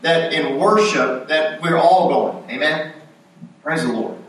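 A man's voice: a little high, slow pace, a bit bright. A man preaching a sermon in a conversational style, acting out quoted lines with rising emphasis. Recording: very echoey room, voice from a distance.

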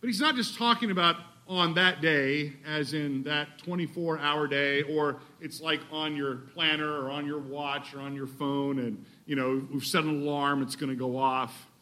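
Male pastor, sermon, high voice, very bright tone, emphatic rhetorical questions. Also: fairly even intonation, moderate pace, hardly any pauses. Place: church sanctuary.

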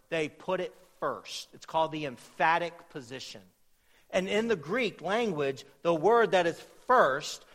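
A man preaching an expository sermon as a pastor, emphatic, with his voice climbing to loud peaks on key points. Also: on the high side, long reverb tail.

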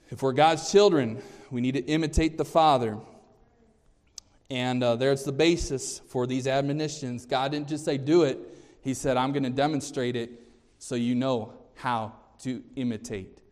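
A man preaching a sermon to a congregation as their pastor. He is emphatic, quizzes his listeners with questions, and restarts and repeats words. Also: a little mellow. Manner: emphatic, often rising in pitch and volume, quizzing the congregation; repeats and restarts words, measured and deliberate in places. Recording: long hall reverb.

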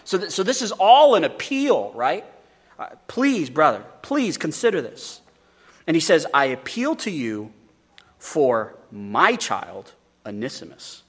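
A man's voice: fairly high pitch, big pitch swings, unhurried, a bit bright, breathy edge. A male pastor preaching a sermon in an earnest way, often repeating words as he starts a phrase.

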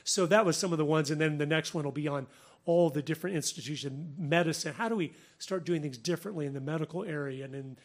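Man, fairly high voice, earnest religious commentary, frequent laughs, lively quoted voices. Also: fast talker. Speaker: Christian podcast host.

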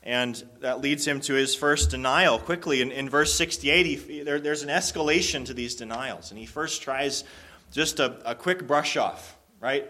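A man's voice: medium pitch, normal speed, sharp tone. A man preaching a sermon, explaining a Bible passage in an earnest, conversational way with frequent restarts. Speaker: pastor.

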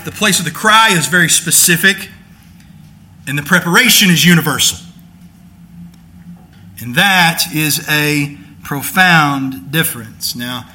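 A man's voice: on the high side, bright, forceful tone, a little hiss or hum. A male pastor preaching a sermon in a conversational teaching manner, building to emphatic declarations.

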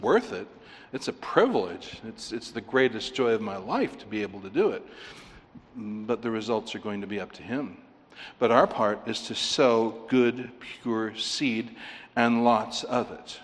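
A man preaching a sermon as a pastor, earnest, repeating phrases for emphasis. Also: mid-range voice. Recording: long reverb of a hall.

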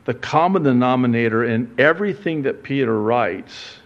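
A man preaching a sermon as pastor, conversational and playful, with lively asides and acted-out quotes. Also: mid-range voice, normal speed, dull audio. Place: church sanctuary.

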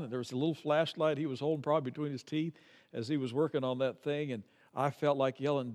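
A man's voice: fairly high pitch, steady tone, brisk, darkish tone. A middle-aged man preaching a sermon as pastor, earnest, rising to pleading cries when he voices a prayer. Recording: long hall reverb.

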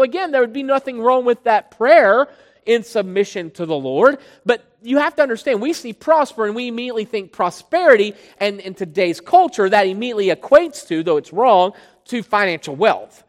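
An emphatic preacher in a reverberant hall. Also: mid-range voice. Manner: emphatic, stretching key words slowly and then rushing ahead. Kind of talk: sermon teaching on scripture.

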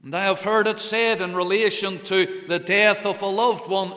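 A man preaching a sermon slowly and in a measured way, quoting Bible verses in old English. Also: sits high, little pitch movement, sharp tone, big-room sound.

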